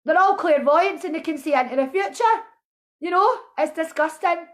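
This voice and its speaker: A woman with a very high voice rants with raw emotion. She accuses and pleads in turn, her voice strained with feeling. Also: normal speed, a bit bright. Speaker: protesting mother. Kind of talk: impassioned video rant.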